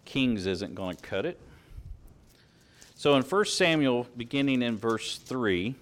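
Male pastor, animated sermon delivery, reads scripture with swelling emphasis. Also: mid-range voice, takes it slowly, pauses often. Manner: animated preaching, reads verses aloud with rising emphasis.

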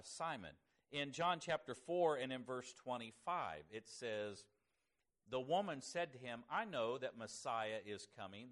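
A man giving an evening Bible lesson to a congregation. He speaks in a measured way and slows down to stress key words when he reads scripture. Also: mid-range voice, a bit bright. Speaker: preacher.

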